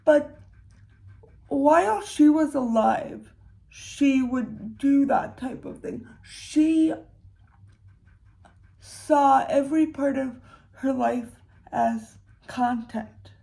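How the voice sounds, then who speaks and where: A young woman giving a casual commentary monologue, unhurried and hesitant, with sarcastic asides and frequent restarts. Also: high voice, creaky, mellow. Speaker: commentary creator.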